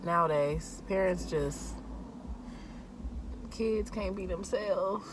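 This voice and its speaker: A woman in her late twenties in relaxed, chatty casual talk while eating, quick to react. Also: mid-range voice, background noise. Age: late 20s. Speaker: co-host.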